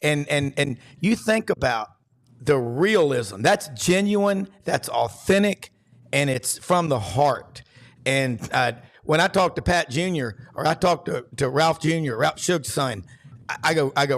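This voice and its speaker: A sports talk host who spins folksy, rambling stories in an easy conversational way. His voice sits a bit higher than most men's. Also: animated, a little slow. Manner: folksy storyteller, rambling anecdotes.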